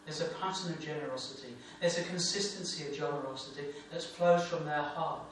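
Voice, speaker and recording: High-voiced preacher in an echoing room. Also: male voice, fairly quick, fairly bright tone. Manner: repetitive, emphatic preaching cadence. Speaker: pastor. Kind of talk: sermon. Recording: echoey room, distant mic, faint hum.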